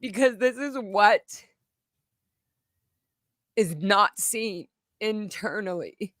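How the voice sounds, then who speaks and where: A woman talking as a guest in a candid interview, speaking emphatically and with deep feeling. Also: extremely slow, fairly bright tone, dry recording, clean studio sound. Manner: impassioned, emphatic, gets emotional.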